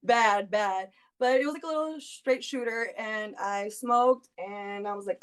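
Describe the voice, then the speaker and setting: Thirties woman telling a story, super animated, keeps laughing and doing her friends' voices. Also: medium pitch, normal speed. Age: 30s. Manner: animated, laughs often, acts out friends' lines. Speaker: guest. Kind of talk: casual storytelling.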